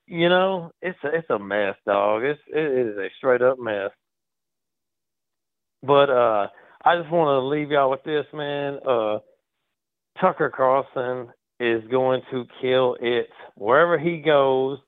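A man's voice: medium pitch, slow, dry recording. A man calling in to a talk show, ranting in casual slang, repeating words and acting out what others say. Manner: animated, slangy, repeats words, acts out quotes. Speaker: caller. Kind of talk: casual call-in rant. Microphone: phone. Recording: tinny phone line.

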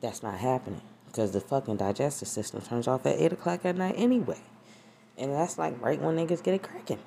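A woman's voice: a bass voice, animated, a little fast, gravelly, mellow, a little hiss or hum. A woman hosting her own podcast, chatting casually and rambling with profane, laughing asides. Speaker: podcast host. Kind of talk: casual solo podcast chat.

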